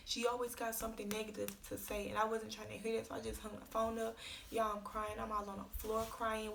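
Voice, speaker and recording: A woman's voice: a little high, gravelly, a little hiss or hum. A young woman vlogger telling an emotional story in a casual, slangy, tearful rush.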